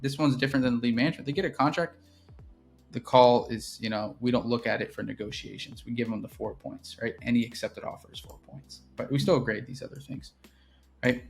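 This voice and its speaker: A man's voice: mid-range voice, brisk, creaky, faint music behind. A man walking through his sales process in a casual teaching style, keeps checking in with "right?". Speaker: real estate business owner teaching sales. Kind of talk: casual instructional walkthrough.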